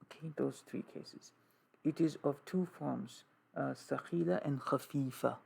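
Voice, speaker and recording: A man teaching an Arabic grammar lesson, slow and repetitive, drilling terms with many "okay"s. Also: medium pitch, fairly even intonation, vocal fry, a little mellow, slightly rough. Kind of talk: classroom lesson with writing.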